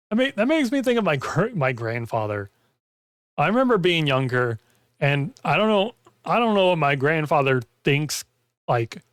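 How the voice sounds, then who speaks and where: A man's voice: on the high side, a bit bright, no room sound, studio quality. A man chatting casually on a gaming stream, rambling with lots of "like" fillers and losing his voice. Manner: rambling, heavy use of "like". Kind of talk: casual chat while gaming.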